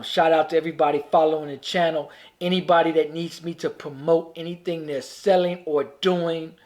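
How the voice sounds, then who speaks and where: Emphatic preachy man talking to viewers. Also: on the high side. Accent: Chicago. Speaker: vlogger. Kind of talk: live-streamed commentary.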